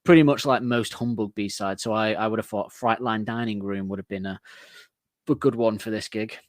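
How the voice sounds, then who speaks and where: Male co-host of a music podcast, low, dry close-up sound, rambling chat with frequent laughs. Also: steady tone, moderate pace, no echo. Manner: chatty and rambling, laughs often.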